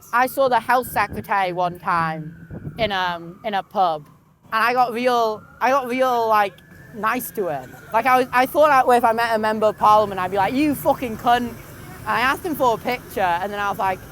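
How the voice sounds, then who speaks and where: A young man, a comedian and tour guide, rambling in a gloomy, self-deprecating deadpan and swearing freely, outdoors on a busy city street. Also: very high voice, rough recording. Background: traffic and street noise.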